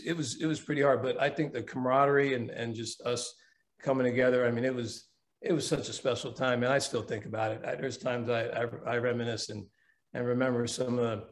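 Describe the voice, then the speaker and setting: A man, an actor guest, reminiscing in a halting, sentimental way over a video call. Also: mid-range voice. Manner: halting, full of restarts, sentimental. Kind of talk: reflective interview answer.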